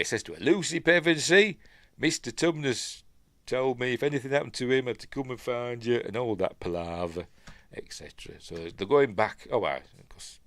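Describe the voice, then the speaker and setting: A man's voice: low voice, no echo. A man with a Yorkshire accent hosting a casual, rambling film breakdown, often stopping to correct himself. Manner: rambling, self-correcting, chatty with fillers. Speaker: film reviewer host.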